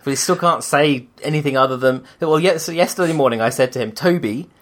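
A man's voice: a little high, fairly quick, a bit bright. A man, co-hosting a podcast and telling a story in wry, exasperated casual chat. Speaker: podcast co-host.

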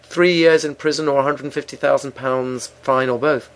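Man, co-host, casual chat, dry, deadpan. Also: medium pitch, moderate pace. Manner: dry, mock-serious, deadpan. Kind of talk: casual radio-style chat.

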